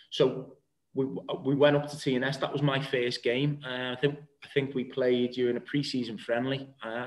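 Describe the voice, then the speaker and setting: A man in his thirties, a footballer, tells his story in a loose, rambling way, stopping and restarting often. His voice sits at an ordinary middle pitch for a man. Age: 30s. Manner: rambling, many fillers and restarts. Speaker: guest footballer. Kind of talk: casual interview chat.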